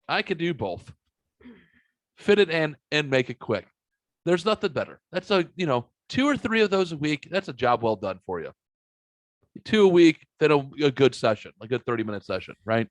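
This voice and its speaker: Animated rambling male podcast host. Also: fairly high pitch, moderate pace, no echo. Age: 40s. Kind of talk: casual podcast chat, storytelling.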